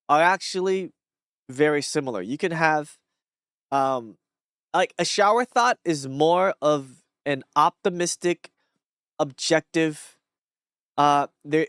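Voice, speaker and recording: A man's voice: fairly high pitch, a bit bright, clean tone, no room sound, clean studio sound. A man talking casually on his own, reading short thoughts aloud and musing on them in a rambling, reflective way. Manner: rambling, reflective, many fillers and restarts. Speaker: streamer.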